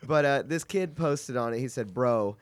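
A man's voice: medium pitch, animated, normal speed, no room sound. A man who is sick, telling a rambling, profane story in casual chat. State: sick, voice cracking.

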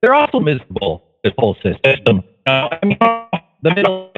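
A man calls into a show and stumbles through his points, restarting often. His pitch swings widely. The line is tinny and thin. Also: huge pitch swings. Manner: halting, restarting with ums. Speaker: caller. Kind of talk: casual phone chat. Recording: tinny phone line with faint music.

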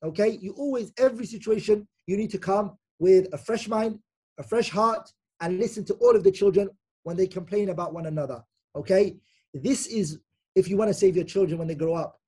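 A man with a husky, slightly rough voice gives a Quran commentary lecture as an Islamic teacher. He explains patiently and repeats his key points. He often pauses to ask "okay?" to keep his listeners with him. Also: high voice, dark tone. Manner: repeats key phrases for emphasis.

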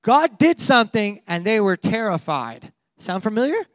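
A man with a notably high voice delivers a lively sermon, laughing often and acting out the people in his story. The sound is close and dry, with no room around it. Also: normal speed, no echo. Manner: animated, laughing, acting out quotes. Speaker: pastor.

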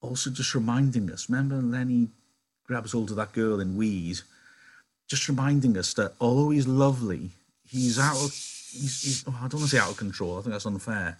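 Husky-voiced male teacher talking through a novel. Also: mid-range voice, moderate pace. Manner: chatty, thinking aloud with fillers and self-corrections. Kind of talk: explaining a novel in a lesson.

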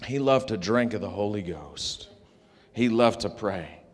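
A man preaching a sermon, animated and joking, with call-and-response asides to his congregation. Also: fairly low pitch, measured pace. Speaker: pastor. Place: church sanctuary. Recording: long hall reverb.

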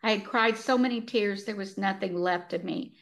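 A woman's voice: mid-range voice, moderate pace, creaky. An older woman, a retired author, reading her own novel aloud with earnest feeling and laughing easily as she chats.

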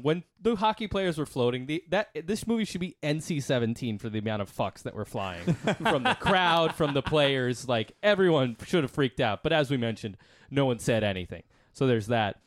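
A man's voice: medium pitch, very animated, moderate pace, dry recording. A man with a mid-range voice works through his points on a movie podcast, rambling and laughing as he goes. His voice sounds dry and close, with no room around it. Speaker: podcast panelist. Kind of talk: casual movie chat.

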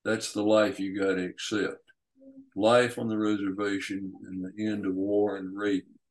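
A man's voice: fairly low pitch, level tone, moderate pace, natural voice, low-quality recording. A man reading as a blunt, weathered old frontier mentor who gives plainspoken, folksy advice. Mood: grave.

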